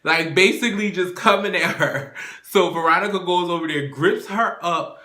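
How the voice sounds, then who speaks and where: A man with a bright, forceful voice talks through a TV episode in a loose, casual way, swearing freely and slipping into the characters' lines as he retells each scene. The sound bounces around an echoey room. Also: sits high, normal speed. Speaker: TV recap show host.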